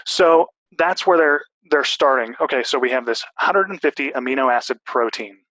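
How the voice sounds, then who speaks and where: A man's voice: medium pitch, animated, normal speed, fairly bright tone, dry recording, rough recording. A man in a casual discussion, explaining at length with restarts and fillers.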